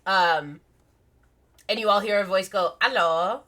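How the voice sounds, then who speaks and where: A woman's voice: medium pitch, measured pace, a bit bright. A woman narrating as game master of a tabletop game, laughing often and using many fillers.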